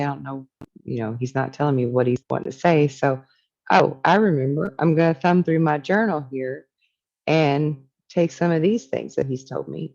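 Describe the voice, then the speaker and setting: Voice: mid-range voice, a little mellow, lo-fi sound. A spiritual teacher talking casually and reflectively, reading from a book and musing on its ideas.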